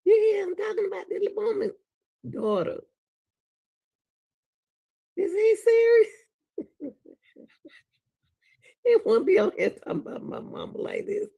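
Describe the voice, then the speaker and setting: A man with a Southern US accent talks straight to his viewers as he reacts to a clip. His voice is gravelly, and his pitch swings widely as he exclaims and laughs in disbelief. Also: wildly swooping pitch, fairly quick, lo-fi sound. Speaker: reaction video host. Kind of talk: casual reaction commentary.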